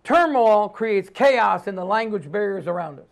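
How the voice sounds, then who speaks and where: High-voiced man preaching emphatically. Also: expressive, normal speed. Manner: emphatic preaching, swinging between loud declarations and hushed lines; calls on the congregation to repeat after him. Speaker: pastor. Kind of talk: sermon.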